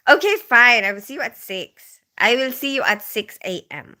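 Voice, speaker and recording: Bright, chatty woman livestreaming. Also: a little high, animated, normal speed, hardly any pauses. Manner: chatty, rambling, frequent sighs. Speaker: livestream host. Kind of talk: casual live-stream chat, reading out comments. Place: London.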